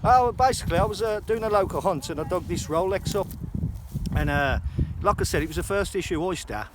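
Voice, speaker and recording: A man's voice: high voice, brisk. A man casually telling a rambling story about a find, out in a field. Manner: relaxed, rambling anecdote. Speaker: metal detectorist guest. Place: farm field outdoors. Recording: loud outdoor noise in a field.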